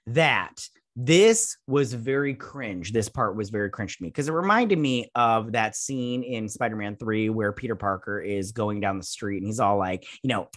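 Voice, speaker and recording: A man's voice: on the low side, normal speed, hardly any pauses, a bit bright, dry recording, clean studio sound. A man hosting a casual episode review, rambling and blunt with plenty of swearing. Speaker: show host reviewing a TV episode. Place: at home with a dog nearby.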